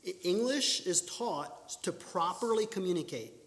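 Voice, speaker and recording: A man's voice: high-pitched, lively intonation, unhurried, a bit bright. A man giving an earnest instructional talk at church, often restarting and correcting himself, then pushing out bursts of emphasis. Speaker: church speaker teaching public speaking. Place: church hall. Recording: echoey church hall.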